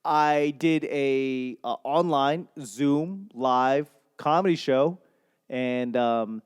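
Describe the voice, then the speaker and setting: Rambling, foul-mouthed young man, smooth voice. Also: mid-range voice, very slow. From Boston, USA. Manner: rambling, loses his train of thought; swears often. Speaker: stand-up comedian hosting a podcast. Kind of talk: casual solo podcast monologue.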